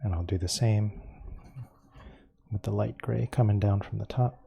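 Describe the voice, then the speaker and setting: Male painting instructor, low-pitched and deeply mellow, calm step-by-step demo voice. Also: gravelly, slight background noise. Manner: calm and unhurried, explaining each step as he works.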